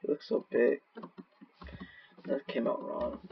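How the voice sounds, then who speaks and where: A man doing gaming commentary, rambling to himself with profane, erratic outbursts and sudden yelling. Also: takes it slowly, background noise. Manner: rambling self-talk. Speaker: gaming channel host. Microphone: laptop mic. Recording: dull lo-fi laptop mic.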